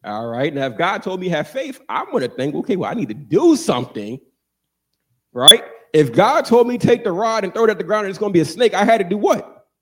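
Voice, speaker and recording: Male preacher, sermon, fairly high voice, call-and-response style. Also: fast. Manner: animated, call-and-response, jokes with congregation.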